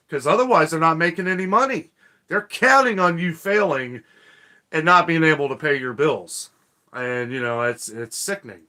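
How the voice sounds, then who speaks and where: A man's voice: a little high, sharp tone. A man hosting a casual live-stream chat, reading viewer comments aloud and ranting.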